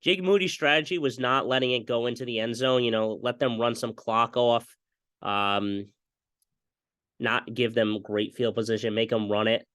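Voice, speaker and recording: Excitable young man calling game replays. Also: mid-range voice, normal speed, smooth, dry recording. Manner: excitable, mimics broadcast calls, repeats stock phrases. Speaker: fan video commentator. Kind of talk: casual play-by-play game breakdown.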